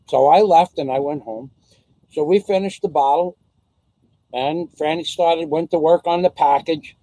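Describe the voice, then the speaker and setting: Mellow New man spinning a yarn. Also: on the high side, normal speed, low-quality recording. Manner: rambling, profane, stumbling restarts, acts out dialogue. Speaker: vlogger. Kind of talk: casual storytelling.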